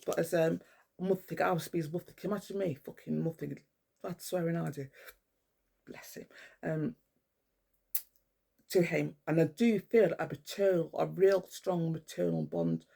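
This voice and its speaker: Gravelly, husky middle-aged woman. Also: fairly low pitch, a little mellow. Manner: rambling, swears often, many fillers and restarts. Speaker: spiritual vlogger. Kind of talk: casual rambling monologue. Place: at home indoors with a cat.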